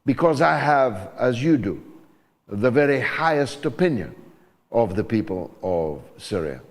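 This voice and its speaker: A man's voice: medium pitch, very animated, measured pace, big-room sound. Emphatic older man hosting a talk show. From Scotland. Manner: emphatic, oratorical delivery. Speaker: show host. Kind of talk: talk show monologue and links.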